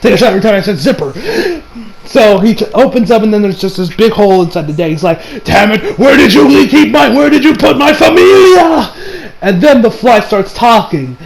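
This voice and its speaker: Man, high voice, casual anime episode recap, rambling, lots of fillers and restarts. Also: darkish tone, slight background noise, rough recording. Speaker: anime reviewer.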